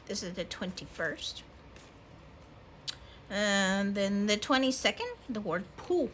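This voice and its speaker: A woman's voice: mid-range voice, animated, slow pace, long pauses, fairly bright tone. Rambling bilingual woman, noisy hum. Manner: rambling, hesitant, many fillers. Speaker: hobby artist. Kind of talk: casual show-and-tell.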